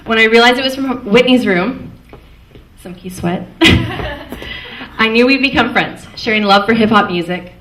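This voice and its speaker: Chuckling between lines, the maid of honor delivers a fond, lighthearted wedding toast in a reception hall. She's a young woman from Canada with a fairly high, fairly bright voice at a moderate pace. The recording catches her from a distance in an echoey hall, with faint noise.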